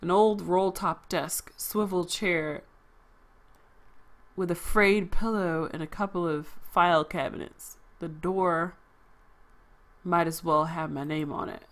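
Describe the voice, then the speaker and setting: A woman's voice: lowish voice, steady tone, slow. A woman game streamer reading game text aloud and reacting in a casual, giggly, wisecracking way.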